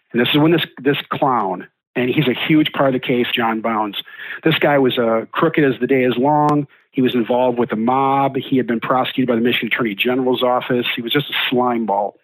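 A man's voice: medium pitch, steady tone, fairly quick, dry recording, rough recording. A man being interviewed, telling his story heatedly and acting out the quoted exchanges. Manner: heated, quotes himself and others forcefully. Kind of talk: indignant first-person account.

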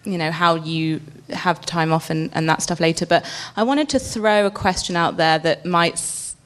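Woman host of a panel podcast, relaxed and chatty, laughs easily, lowish pitch. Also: normal speed. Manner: chatty, laughs between questions. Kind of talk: live panel podcast chat.

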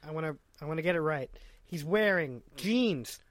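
High, lively man chatting wryly. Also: normal speed, no echo. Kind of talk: casual chat.

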